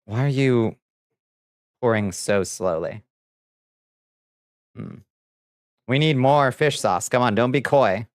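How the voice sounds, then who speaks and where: A man's voice: medium pitch, slow pace, pauses often, smooth, dry recording, clean studio sound. A man streaming casually, playful and theatrical as he chats with viewers while mixing ingredients. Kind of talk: casual livestream chat.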